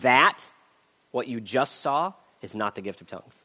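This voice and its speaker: A man's voice: medium pitch, animated, a little fast, fairly bright tone. Man preaching in an echoing hall. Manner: reads scripture aloud with rising emphasis. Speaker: pastor. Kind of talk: sermon.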